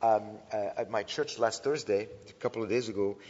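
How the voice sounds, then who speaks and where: A man giving an earnest, animated talk to an audience, often restarting his sentences and filling pauses. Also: on the low side. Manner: earnest, with frequent restarts and filler sounds. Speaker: speaker teaching about antisemitism. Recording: dull lo-fi sound with long hall reverb.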